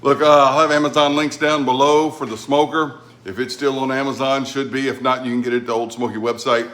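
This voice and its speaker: A man's voice: medium pitch, flat delivery, a little fast, a bit bright. Folksy rambling middle-aged man. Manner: folksy, rambling, many fillers. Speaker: home cooking channel host. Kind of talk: casual cooking vlog. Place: home patio and kitchen.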